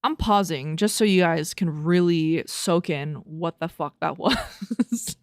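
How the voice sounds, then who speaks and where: Speaking slowly in a lowish voice, a young woman hosts a casual solo podcast with clean studio audio and no room sound. She reads out review quotes, then riffs on them with laughing, foul-mouthed disbelief.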